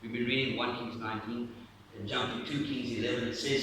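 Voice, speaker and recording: A man preaching a sermon as pastor, telling the story animatedly and often dropping to a hush for emphasis. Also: medium pitch, fast. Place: church. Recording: echoey church from far off with faint noise.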